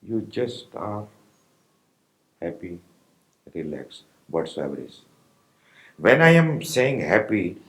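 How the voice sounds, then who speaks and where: A spiritual teacher with an Indian accent gives a slow, pausing discourse to meditators, often checking whether his listeners follow. His deep voice swoops wildly in pitch, and the recording is low quality.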